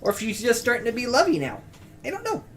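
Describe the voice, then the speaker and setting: A man's voice: very high-pitched, big pitch swings, fast talker, a little hiss or hum. A man streaming a video game in casual, rambling commentary, chatting to his cat between moves. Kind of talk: casual let's-play commentary.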